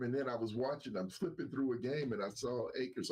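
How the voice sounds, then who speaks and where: A man's voice: mid-range voice, fairly quick, darkish tone, husky. A man co-hosting a casual sports talk show, talking with a nasal voice, repeating himself and using lots of fillers. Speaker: podcast co-host.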